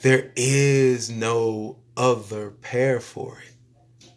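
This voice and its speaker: Slow, emphatic man preaching to camera. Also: mid-range voice, fairly even intonation. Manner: emphatic, repetitive, drawn-out phrasing with sudden drops to soft. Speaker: YouTube speaker. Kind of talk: spiritual preaching monologue.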